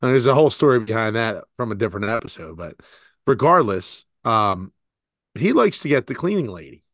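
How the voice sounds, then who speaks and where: A man's voice: on the low side, sing-song, a little fast, fairly bright tone, no echo, studio quality. Rambling, profane man in his forties. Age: 40s. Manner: rambling, laughing, profane storytelling. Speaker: podcast co-host. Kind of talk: casual chat.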